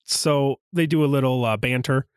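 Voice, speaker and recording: A young man casually recapping a movie on a podcast, animated and acting out quoted lines. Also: mid-range voice, normal speed, clean tone, no room sound, studio quality. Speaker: podcast co-host.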